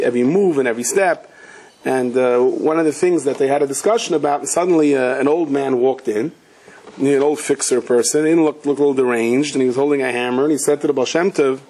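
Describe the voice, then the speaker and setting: A middle-aged rabbi giving a Torah class, telling one story after another with animated energy. His voice sits fairly high and has a husky grain. He drops Hebrew and Yiddish terms into plain talk.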